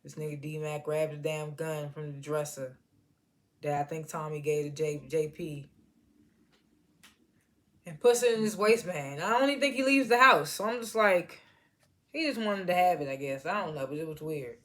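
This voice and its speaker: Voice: mid-range voice, normal speed, a bit bright. A TV reviewer casually recapping an episode in loose, slangy storytelling and chuckling at the scenes. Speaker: TV show reviewer.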